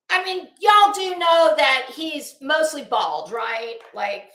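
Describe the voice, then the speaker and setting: A woman's voice: sits high, lively intonation, slow, few pauses, bright, forceful tone, echoey room. A woman giving a sassy, exasperated commentary rant to her online audience, drawing out words for emphasis. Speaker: YouTube commentary host.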